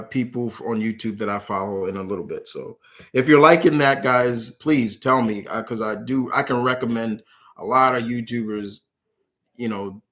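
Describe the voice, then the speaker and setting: A man's voice: medium pitch, fairly bright tone. Man, stream host, casual live Q&A, reads questions aloud, rambling, earnest, emotional, lots of ums and restarts. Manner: reads viewer questions aloud then answers in a rambling, candid way with many fillers. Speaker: YouTube host answering viewer questions.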